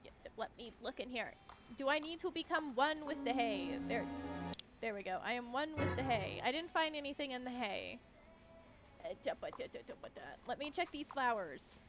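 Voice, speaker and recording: Chatty high-voiced woman streamer. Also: animated, moderate pace. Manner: chatty, giggly, talks to her horse. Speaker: game streamer. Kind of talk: casual gameplay chat. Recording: faint game music behind.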